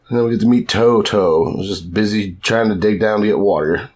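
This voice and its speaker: A man's voice: on the low side, brisk, few pauses, a little mellow, slight background noise. A man co-hosting a podcast, giving a loose, enthusiastic recap full of filler words and the odd swear. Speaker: podcast co-host. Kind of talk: casual podcast chat.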